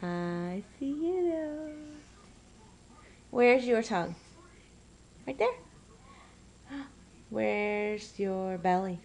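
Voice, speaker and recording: A woman's voice: medium pitch, lively intonation, extremely slow, long pauses, a little mellow, a little hiss or hum. A woman filming her toddler at home on a camera's built-in mic, coaxing her in sing-song baby talk and scolding her now and then. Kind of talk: home video, talking to a toddler.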